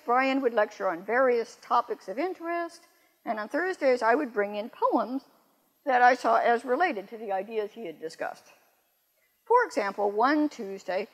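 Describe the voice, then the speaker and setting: An older woman poet giving a lecture, reading verse slowly and adding wry, self-correcting asides. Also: a little high. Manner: measured, slows down to read verse aloud. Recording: long reverb in a hall.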